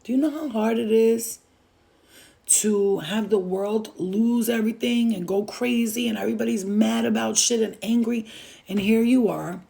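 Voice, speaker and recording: A woman's voice: fairly high pitch, normal speed, creaky, dark tone. A woman giving a casual channeled message to the viewer, emphatic and reassuring, swearing freely and repeating phrases for weight. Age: adult with a child. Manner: speaks straight to the viewer, reassuring. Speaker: spiritual reader channeling messages.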